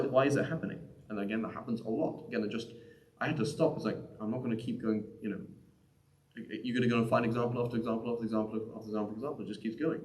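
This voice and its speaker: A man with a lowish voice teaching a live class on Arabic grammar in an echoey community room. He talks conversationally, checking in with "right?" and circling back over his words. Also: a little mellow. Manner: conversational, often asks "right?", with frequent restarts. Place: mosque or community center room.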